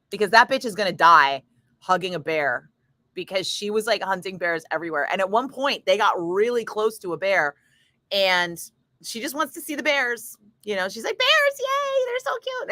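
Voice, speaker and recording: A woman radio DJ talking in a radio studio between segments, with a bright, crisp voice close to a dry mic. She tells stories in an animated way, laughing often and swearing freely. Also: mid-range voice, dry recording. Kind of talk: casual storytelling chat between on-air segments.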